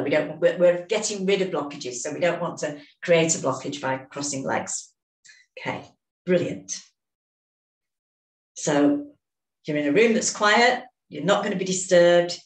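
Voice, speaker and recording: Calm woman guiding a tapping session. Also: sits low. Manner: calm, instructive, repeat-after-me phrasing. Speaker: EFT tapping instructor. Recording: echoey room, distant mic.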